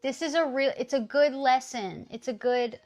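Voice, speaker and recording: Lively, teasing woman streamer. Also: sits high, moderate pace. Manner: animated, teasing, swears casually. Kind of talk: casual chat with stream chat.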